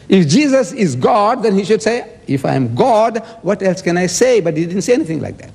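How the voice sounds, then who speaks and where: A man's voice: high-pitched, big pitch swings, a little fast, creaky, darkish tone, husky, big-room sound. A man giving an emphatic debate speech, quoting scripture and asking rhetorical questions.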